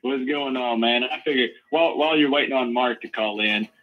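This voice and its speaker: A man's voice: medium pitch, fairly quick. A man calling in to a show, speaking in a friendly, plain way with a few fillers. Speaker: caller. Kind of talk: casual call-in chat. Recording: muffled phone line.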